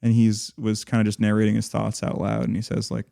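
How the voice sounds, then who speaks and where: A man's voice: fairly low pitch, completely flat delivery, fairly quick, vocal fry, few pauses, mellow. A man co-hosting a podcast, talking casually and rambling, with many fillers and restarts. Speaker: podcast co-host.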